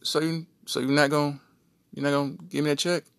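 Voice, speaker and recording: A man's voice: fairly high pitch, level tone, brisk, fairly bright tone, dry recording, voice pushed up. A man doing a stern, bossy mother. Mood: insistent. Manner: bossy, insistent. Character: stern no-nonsense mother demanding her son's paycheck.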